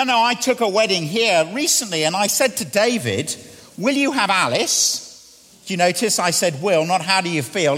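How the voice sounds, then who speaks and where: A man delivers a sermon in a church, his pitch on the higher side and swinging freely. He tells humorous stories and then slows down to lead an earnest prayer. The hall around him rings with long reverb. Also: a bit bright. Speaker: preacher.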